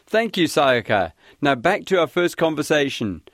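Lively, encouraging male language teacher. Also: on the high side, normal speed, no room sound, clean studio sound. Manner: clear, guiding, encouraging. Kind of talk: scripted language lesson.

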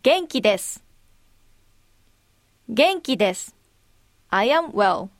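A woman modeling phrases for a language lesson, saying each slowly and with careful articulation. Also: on the high side, very animated, no echo, studio quality. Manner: deliberate, clearly articulated. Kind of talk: slow, careful demonstration phrases.

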